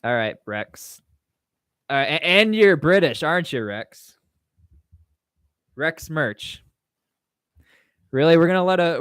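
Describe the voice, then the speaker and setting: A man's voice: on the high side, a bit bright, clear, resonant tone, no room sound, clean studio sound. A man hosting a casual livestream Q&A, reading chat questions aloud and answering in a rambling, offhand way. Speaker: livestream host.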